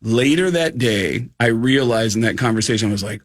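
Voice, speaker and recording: A man, a guest comedian, telling animated stories in casual chat on a radio podcast. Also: medium pitch, brisk. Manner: animated storyteller, doing voices in anecdotes.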